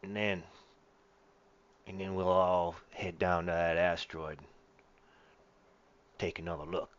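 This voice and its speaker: A man plays a pushy, gangster-ish lackey who talks in loose slang and worries about his boss. The voice is deep and low, carried over a muffled online voice chat. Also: level tone, takes it slowly. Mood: scheming. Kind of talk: voice-chat role-play.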